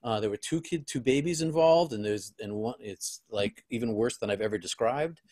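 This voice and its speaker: A man, a guest on an interview show, telling a personal story in an earnest, halting way with frequent restarts. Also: medium pitch, a little mellow.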